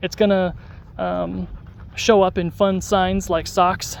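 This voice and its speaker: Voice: mid-range voice, level tone, slow pace, gravelly, a little hiss or hum. An adult vlogger talking casually to the camera while out on a dog walk, rambling with lots of fillers and restarts. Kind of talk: casual vlog talk to camera.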